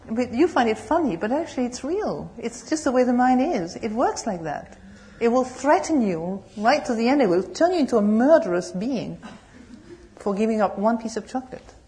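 A Buddhist nun giving a dharma talk, telling humorous, animated stories. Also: female voice, a little high, normal speed. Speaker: Buddhist nun and meditation teacher.

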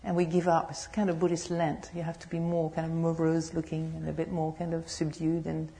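A Buddhist nun giving a dharma talk, telling humorous, animated stories. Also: female voice, sits low, fairly quick, gravelly. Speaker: Buddhist nun and meditation teacher.

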